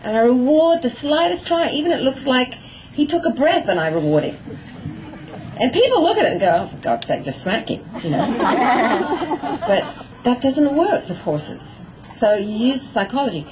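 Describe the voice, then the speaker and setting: A middle-aged woman giving a lively talk on horse training to an audience, acting out little exchanges with her horse. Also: a little high, normal speed, slight background noise, poor audio. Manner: animated, acting out voices of herself and her horse.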